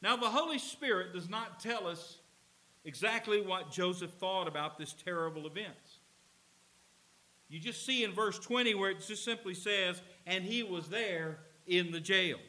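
A male pastor preaching a sermon in a church, speaking emphatically and acting out scenes as he goes. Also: high voice. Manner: expressive, emphatic, dramatizes scenes. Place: church with a slide screen.

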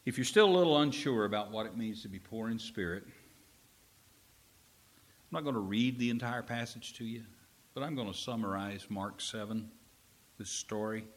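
A man preaching a sermon as pastor, telling a story with animated swings from loud emphasis to a near whisper. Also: fairly low pitch, normal speed, long pauses.

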